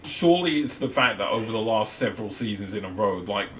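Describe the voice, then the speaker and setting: A man's voice: fairly low pitch, expressive, quick pace, a bit bright. An Australian man, a podcast co-host, chatting casually and ranting with frequent laughs. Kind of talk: casual chat. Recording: distant mic with faint ambient noise.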